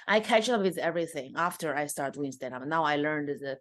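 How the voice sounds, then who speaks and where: A woman's voice: low voice, normal speed, hardly any pauses, dry recording. A woman from China, a comedian guest telling her story candidly in casual interview talk, with frequent fillers and restarts.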